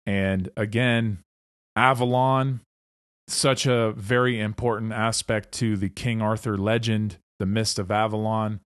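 This lecture comes from a man hosting an esoteric presentation series, whose low-leaning voice stays steady, unhurried and clean. He earnestly explains ideas in a monologue, regularly checking with "okay?", with studio-quality sound and no echo.

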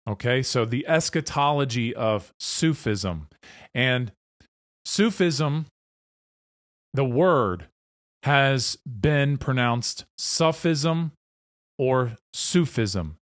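A man giving a slow lecture over slides, often checking in with "okay?". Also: mid-range voice, no room sound, clean studio sound. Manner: slow, deliberate, with frequent "okay?" check-ins. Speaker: teacher.

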